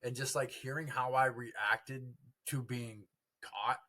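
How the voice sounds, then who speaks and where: A young man, a podcast guest, telling his recovery story in an earnest, halting way. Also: medium pitch, steady tone, sharp tone. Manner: earnest, halting, quotes family dialogue.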